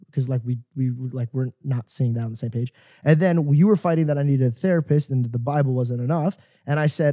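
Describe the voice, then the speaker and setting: A man's voice: on the high side, fairly quick, dark tone, no room sound, clean studio sound. A young man co-hosting a podcast, earnestly telling a personal story, acting out the dialogue and often saying "bro". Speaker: podcast co-host. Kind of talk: casual podcast chat.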